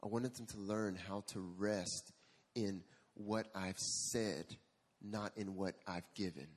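A calm, patient God speaks in a low, hushed, husky voice, as a male preacher acts him out. Each word comes slow and deliberate, like gentle questioning from above. The tone stays soft and solemn throughout. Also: exaggerated voice.

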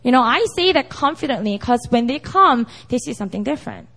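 Lively high-voiced young woman preaching. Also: a little fast. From South Korea. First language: Korean. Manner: chatty, with frequent "you know" and "right?". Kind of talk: casual, animated sermon.

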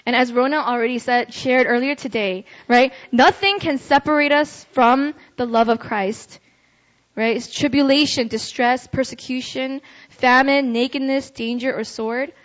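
A woman's voice: high-pitched, fairly even intonation, unhurried. Chatty young woman preaching, lo-fi. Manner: chatty, ends phrases with "right?". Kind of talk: casual youth sermon. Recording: dull lo-fi recording.

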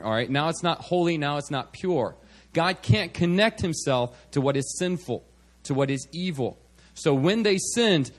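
At a church service, a man whose voice runs somewhat high preaches in an easygoing, chatty way. He regularly drops in little "all right"s and "okay"s to check in with the people listening.

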